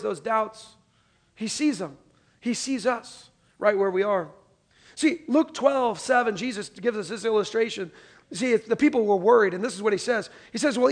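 High-voiced pastor preaching conversationally. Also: male voice. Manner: conversational preaching, asks the congregation to respond; swings from loud emphasis to soft, quiet lines. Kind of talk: sermon.

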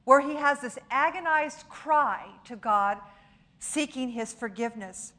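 A middle-aged woman preaching a sermon in an earnest manner, dropping to a soft, hushed voice when she prays. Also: high-pitched, lively intonation, a little slow. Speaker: pastor.

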